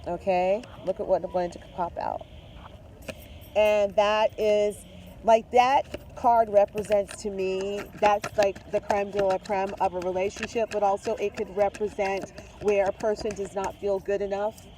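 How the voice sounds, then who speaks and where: Effusive tarot reader, warm mellow tone. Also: medium pitch, flat delivery, unhurried, a little hiss or hum. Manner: chatty and effusive, talks to viewers directly; mixes spiritual talk with swearing and slang. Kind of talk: casual tarot reading to camera.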